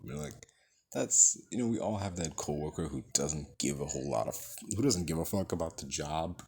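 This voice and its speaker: Deep, breathy-voiced guy riffing through a casual, cuss-heavy movie review. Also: lively intonation, fairly quick, a little mellow. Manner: rambling, profane, acts out characters' lines.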